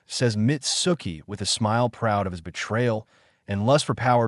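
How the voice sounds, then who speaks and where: Male narrator, low register, dry close sound, even scripted storytelling. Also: normal speed, no room sound.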